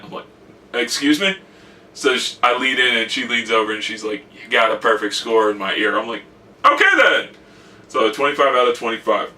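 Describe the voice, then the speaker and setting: A young man vlogs casually about his college semester, his medium-pitched voice pushed and bright and far from the mic. He tells stories full of quoted asides.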